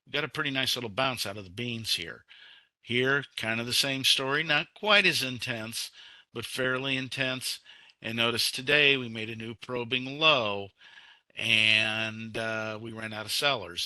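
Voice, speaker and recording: A man with a very bright, sharp tone talks through commodity charts in a measured, explanatory webinar style. His voice sounds dry and close, with almost no room around it. He moves from point to point steadily, pointing out levels as he goes. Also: mid-range voice, no echo. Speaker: market analyst. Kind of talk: webinar market commentary.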